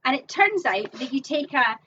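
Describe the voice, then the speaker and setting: A woman's voice: sits high, big pitch swings, moderate pace, sharp tone, slight background noise. A woman calling numbers as host of a live online bingo game, with chatty asides between calls. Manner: upbeat announcing, chatty asides. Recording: muffled, distant mic.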